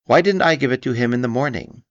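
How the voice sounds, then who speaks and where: A man's voice: mid-range voice, quick pace, no echo, voice pushed up, natural voice. A man voicing a wistful, curious small boy who asks plaintive questions, in a storybook reading. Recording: dull lo-fi recording.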